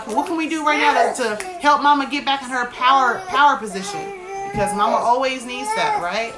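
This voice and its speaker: A woman's voice: high voice, expressive, fairly quick, a crowd in the background. An American woman chatting casually on a live stream, giving motivational tips between frequent laughs.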